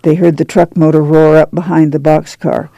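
A man narrating an audiobook at a steady, measured pace. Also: on the high side, vocal fry, no room sound, low-quality recording.

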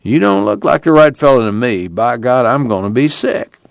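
A man's voice: medium pitch, sing-song, moderate pace, gravelly, no room sound, clean studio sound, pitched above the performer's own voice. A man voicing a dazed, injured deputy who sounds groggy and sick.

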